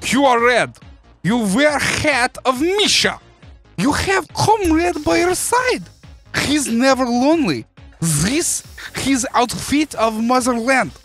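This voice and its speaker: This is a gruff, proud comrade from a gaming video who drops his articles and speaks in a hammy, jokey manner, with a man putting him on. The voice is high and loud. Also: big pitch swings, slow, soft background music, exaggerated voice. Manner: broken grammar, hammy accent put on as a joke.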